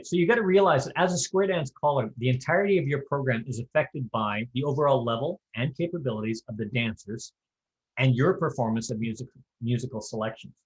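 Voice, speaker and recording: A man's voice: mid-range voice, highs cut off. A man giving a conversational, practical lesson on square dance calling, with folksy asides and offhand humor. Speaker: square dance caller teaching callers. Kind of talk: instructional talk.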